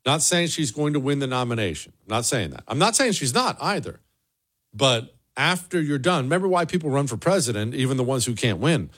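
A man's voice: mid-range voice, sing-song, a little fast, a bit bright, slightly rough. A man hosting a political commentary show, talking in an emphatic, mocking monologue. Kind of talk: opinionated monologue.

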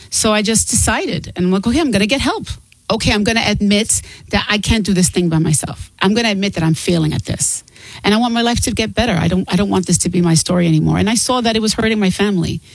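A woman guest author talking candidly and earnestly in an interview, open and quick to laugh. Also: medium pitch, dry recording, poor audio.

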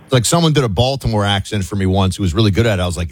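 Low-voiced talk radio host, casual. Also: male voice, lively intonation, very fast, no echo. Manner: loose and conversational, filler-heavy.

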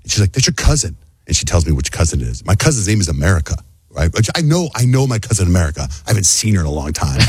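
A man hosting a morning radio show, telling chatty stories and doing animated voices when he quotes people. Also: low voice, racing, husky, dry recording. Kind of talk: casual morning radio banter. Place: radio studio.

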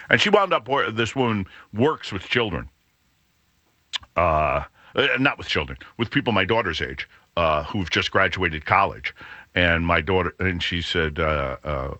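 Lively middle-aged man telling a story. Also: moderate pace, husky, dry recording. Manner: acts out quoted voices, shifting pitch. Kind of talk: casual anecdote.

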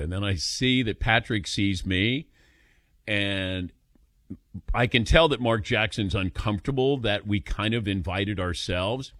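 A man's voice: on the low side, a little slow, no echo, clean studio sound. A man hosting a sports call-in radio show, telling stories with chuckles and taking calls. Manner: animated storyteller, chuckles while telling.

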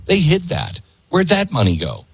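Man, middle-aged talk host, lively swinging pitch, slightly husky, emphatic commentary. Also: normal speed, no echo. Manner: emphatic, repeats his points for force. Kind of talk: political commentary monologue.

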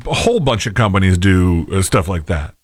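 A man's voice: low-pitched, animated, a little fast, breathy edge, no room sound. A man co-hosting a talk radio show, chatting in an easygoing, rambling way. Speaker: radio co-host. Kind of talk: casual talk radio chat.

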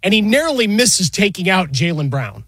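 Husky higher-voiced guy cohosting sports talk, dry close mic, wry jokes. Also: big pitch swings, normal speed, fairly bright tone, no echo. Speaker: sports radio co-host.

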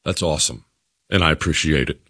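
A man's voice: rumbling low, brisk, fairly bright tone. A man hosting his own radio show, talking straight to listeners in an emphatic monologue that leans on repeated phrases.

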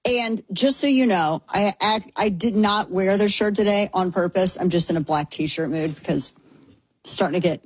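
A woman's voice: medium pitch, moderate pace, husky, no echo. A woman in her thirties from Texas, hosting a talk show in a chatty, rambling opinion monologue with sarcastic asides.

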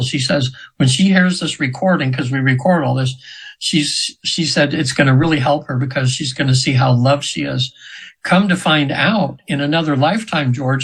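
Older guy in his 70s, kinda husky, a bit high, rambling story w lots of ums. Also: fairly bright tone, low-quality recording. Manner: rambling, many fillers and restarts, acts out quoted voices. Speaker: guest hypnotherapist. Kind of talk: casual storytelling in an interview.

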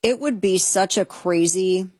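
A woman's voice: mid-range voice, unhurried, a little mellow, slightly rough, no room sound. A woman hosting a talk show, giving indignant, sarcastic commentary with plenty of emphasis. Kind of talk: opinionated commentary.

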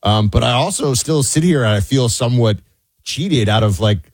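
A man's voice: medium pitch, lively intonation, moderate pace, dry recording. A man co-hosting a talk radio show, conversational and upbeat, also reading sponsor spots. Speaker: radio co-host.

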